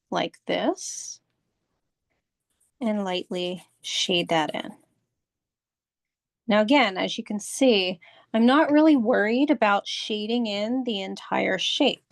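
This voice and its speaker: A woman's voice: medium pitch, gravelly, no room sound, studio quality. A woman art instructor leading a step-by-step drawing lesson, patiently walking through and repeating each step. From United States.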